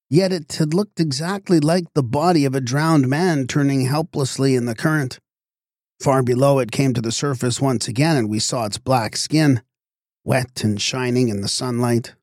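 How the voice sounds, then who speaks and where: A man narrating a literary story in a measured, expressive storytelling manner. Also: mid-range voice, no room sound, clean studio sound.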